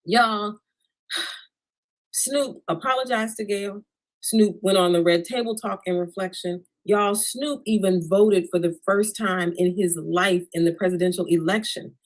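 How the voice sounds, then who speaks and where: Woman, stand-up comedian, animated, addresses audience directly, video call. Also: medium pitch, a little slow, poor audio. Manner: animated, talks straight to the crowd with "y'all". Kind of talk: stand-up comedy set over a video stream. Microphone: remote video call.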